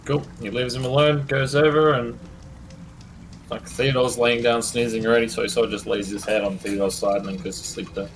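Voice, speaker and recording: Young male player, mid-pitched, laid-back and joking, faint noise. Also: little pitch movement, fairly quick, poor audio. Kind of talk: casual tabletop play.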